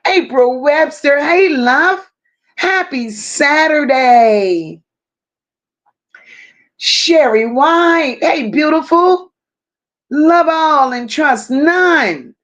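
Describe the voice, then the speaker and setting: With a high-pitched, lively voice, a woman hosts a casual livestream, welcoming viewers one at a time with warm, drawn-out greetings. She reads their chat messages aloud as she goes.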